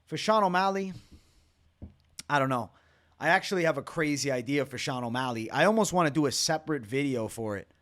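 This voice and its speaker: A man's voice: mid-range voice, lively intonation, a little fast, fairly bright tone. A man hosting a fight reaction video, talking loosely and bluntly with plenty of swearing, sounding tired from a very late night. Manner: loose, opinionated, swears freely. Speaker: MMA reaction channel host. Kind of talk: casual fight breakdown to camera.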